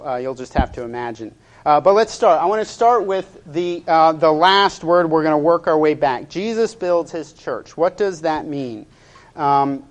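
A male pastor preaching a sermon in a measured, hesitant way, with frequent pauses and fillers. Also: a little high.

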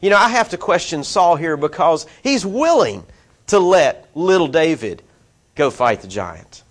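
Male preacher with a fairly high voice who reads verses and explains them in a conversational way. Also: sing-song, a little slow. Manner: conversational, asides to listeners, voices quoted figures. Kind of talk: expository Bible teaching.

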